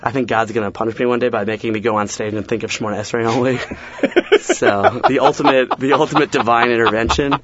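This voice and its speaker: A young man at a middling pitch, trading jokes in a relaxed interview and breaking into little acted-out voices mid-story. He's self-deprecating and quick, tumbling from one bit to the next. The recording sounds a bit dull and lo-fi. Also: slight background noise. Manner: quick joke-telling with acted-out asides and self-deprecating laughs. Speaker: comedian guest. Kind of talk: casual interview chat, telling stand-up bits.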